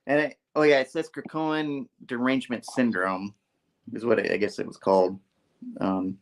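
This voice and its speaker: A man's voice: medium pitch, steady tone, moderate pace. A man hosting a casual show, animatedly retelling a comic book plot and acting out the quotes. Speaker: host.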